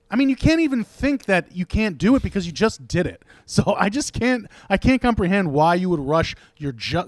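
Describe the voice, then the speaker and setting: A man's voice: high voice, no echo, studio quality. A man co-hosting a podcast, arguing sports points in an emphatic, casual way. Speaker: podcast co-host.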